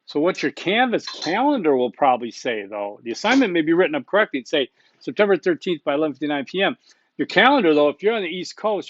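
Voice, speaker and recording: A man's voice: fairly high pitch, no echo. A man recording an online course lecture as the instructor, talking casually and bluntly with many asides and check-ins. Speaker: college instructor. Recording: dull muffled dry recording.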